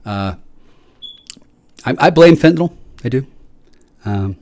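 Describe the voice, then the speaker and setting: A man's voice: mid-range voice, animated, slow pace, darkish tone, no echo. A man delivering an angry, profane solo rant, stammering through restarts as he jabs at his listeners.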